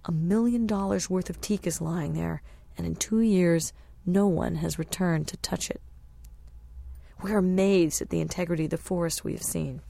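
A woman reading a travel memoir aloud as a narrator, in a measured, descriptive storytelling manner. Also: on the low side, fairly even intonation, vocal fry, dark tone. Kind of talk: scripted audiobook narration.

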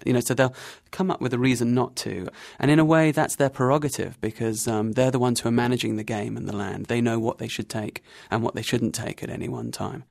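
A middle-aged man guest in an interview, telling a vivid travel anecdote with restarts and soft laughs. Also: medium pitch, fast talker, vocal fry, few pauses, dry recording. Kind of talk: storytelling interview answers.

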